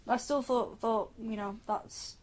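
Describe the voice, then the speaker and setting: Higher-voiced woman, teasing and critical. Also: fairly even intonation, rough recording. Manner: teasing, critical, quick to laugh. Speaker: podcast co-host. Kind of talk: casual chat.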